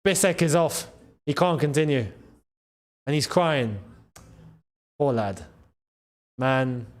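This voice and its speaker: A young man hosting a live football watchalong, reacting to the match and shouting at big moments. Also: medium pitch, slow. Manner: excitable, shouts at big chances and goals. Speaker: football channel host.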